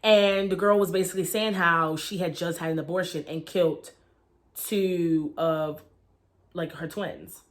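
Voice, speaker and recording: A woman's voice: lowish voice, steady tone, measured pace. Woman, young adult, casual profane vlog recap, chatty, frank. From Baltimore, Maryland. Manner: blunt, profane, chatty with many fillers. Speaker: reality show reviewer.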